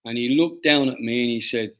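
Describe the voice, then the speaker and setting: A man, an author being interviewed, telling a personal story in a halting way and often repeating his words. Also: medium pitch, fairly bright tone, rough recording. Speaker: author guest.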